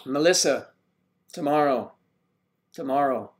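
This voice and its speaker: A man's voice: medium pitch, expressive, unhurried. An older man hosting a casual livestream, greeting viewers by name and rambling while he fumbles with his equipment. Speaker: livestream host.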